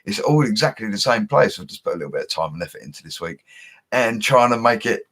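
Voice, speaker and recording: Chatty lad hosting a livestream. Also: male voice, lowish voice, very animated, fast, fairly bright tone. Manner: laid-back, chatty, with slang and laughs. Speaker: bricklayer livestream host. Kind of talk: casual livestream chat reading comments. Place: home setup he calls a studio.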